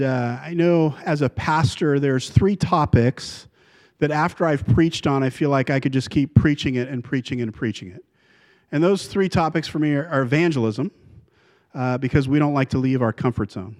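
A man, the pastor, earnestly introducing a guest preacher, with many filler pauses. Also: medium pitch, a little mellow. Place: church.

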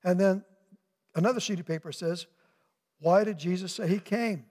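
An older man preaching a sermon as pastor, earnest, slowing down on key points and asking the congregation questions. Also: high-pitched, darkish tone. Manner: earnest, asks rhetorical questions, slows for emphasis. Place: church sanctuary with long reverb. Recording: echoey church hall.

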